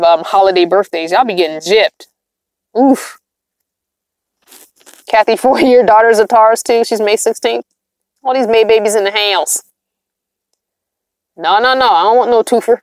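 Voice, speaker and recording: A woman's voice: on the high side, no echo, studio quality. Chatty, emphatic woman livestreaming. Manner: chatty, emphatic, repeats herself. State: tired, yawning. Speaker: vlogger hosting a livestream. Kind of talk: casual livestream chat with viewers.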